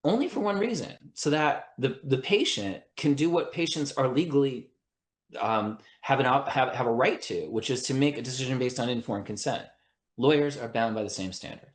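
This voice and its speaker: Speaking at a moderate pace in a medium-pitched voice, a man is heard in an echoey room. He's an attorney and mediator guesting on a podcast, earnestly explaining his thinking with frequent restarts and check-ins of "right?"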